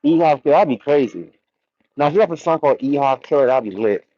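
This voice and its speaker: This livestream host has a fairly high, expressive voice and talks quickly; there's no echo, but the audio is dull. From a warehouse he reads chat and riffs in relaxed, slang-filled commentary, with frequent laughs.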